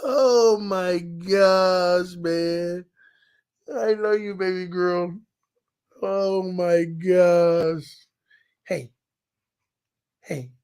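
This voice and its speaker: A man hosting a fan sports channel, talking in loose, animated commentary that swings between shouting and laughing. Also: high voice, very slow, clean tone. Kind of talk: casual fan commentary livestream.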